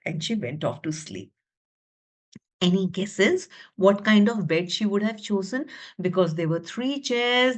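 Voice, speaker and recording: A teacher trainer with a South Asian English accent and a medium-pitched voice tells a children's story during a storytelling webinar, recorded on a computer mic over a video call. She drops to whispers for suspense and asks her online audience questions.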